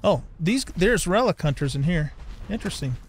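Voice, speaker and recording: An older man giving laid-back let's play commentary in a slightly high voice, drifting between thoughts and then suddenly speeding up with excitement. A faint hiss sits behind him. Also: moderate pace. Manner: chatty, rambling, bursts of excitement. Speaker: gaming channel host.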